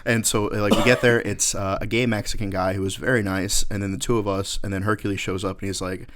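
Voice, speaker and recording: A man's voice: fairly low pitch, steady tone, quick pace, a bit bright. A male podcast host in casual chat, telling a rambling, profane story.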